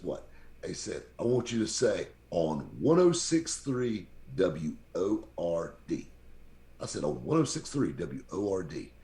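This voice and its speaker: A man with a very deep voice, telling lively stories as a podcast guest and acting out the people he quotes. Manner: animated anecdote-teller, acts out quoted people. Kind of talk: casual storytelling. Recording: roomy echo.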